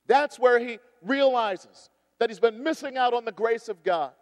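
A man preaching a sermon as pastor, moving between loud emphasis and hushed storytelling. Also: extremely high pitch, normal speed, big-room sound. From United States. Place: church sanctuary.

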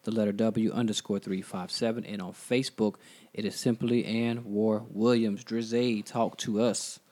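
A man co-hosting a casual podcast, talking in a relaxed way with short affirmations. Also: fairly low pitch, moderate pace. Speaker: podcast co-host. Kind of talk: casual banter.

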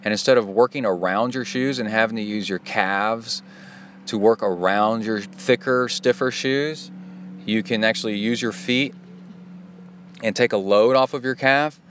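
A middle-aged man hosts a casual podcast monologue in a fairly low voice. He is chatty and self-deprecating, and he drifts into side stories as he goes. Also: measured pace, a bit bright, a little hiss or hum. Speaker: podcast host.

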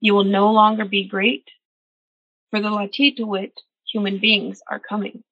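A woman voicing a booming, commanding coyote. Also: flat delivery, measured pace, breathy edge, no room sound, dull audio. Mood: stern. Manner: booming, ordering. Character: commanding male coyote, stern trickster elder.

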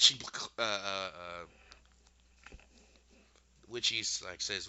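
A man's voice: fairly low pitch, slow pace, pauses often, bright, forceful tone, smooth, lo-fi sound. A man casually recapping a show, animatedly retelling scenes and acting out the characters' lines. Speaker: podcast host recapping a show.

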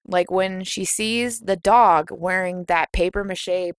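Blunt, profane woman with a low voice. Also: slow, clear, resonant tone, dry recording. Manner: blunt, profane, laughs often. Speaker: podcast co-host. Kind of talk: casual movie review chat.

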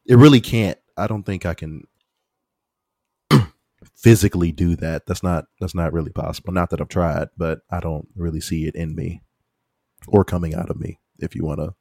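A man's voice: low voice, normal speed, vocal fry, a little mellow, dry recording, studio quality. A man co-hosting a podcast in casual, rambling chat, laughing often. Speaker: podcast co-host.

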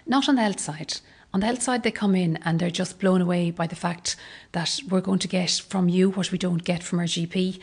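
An Irish woman rattles along at a quick clip, friendly and chatty, filling gaps with little ums and "you know"s. Her voice sits a bit low and has a husky edge. She talks while showing a visitor around her clinic. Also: steady tone, darkish tone. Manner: chatty, rapid, full of fillers. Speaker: clinic owner giving a tour. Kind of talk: casual chat during a walk-through. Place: indoor clinic rooms and stairs.

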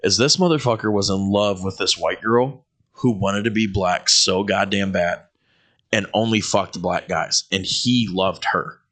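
A podcast co-host with a lowish voice tells crude workplace stories, speaking a little slowly. He's animated and profane, laughs frequently, and acts out the quotes in his casual storytelling.

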